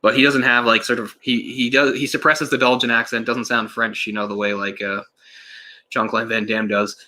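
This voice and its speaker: A man's voice: mid-range voice, level tone, normal speed, pushed and bright. A man giving a casual, rambling live commentary on a film, often restarting his sentences and sometimes swearing. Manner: rambling, self-correcting, laughs and swears in passing.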